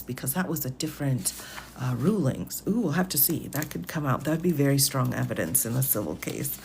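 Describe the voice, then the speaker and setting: Woman, very deep voice, gravelly, hushed half-whisper, live stream at home, faint hiss behind. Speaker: legal commentator. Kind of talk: soft ASMR-style live stream talk. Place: home at night. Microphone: phone.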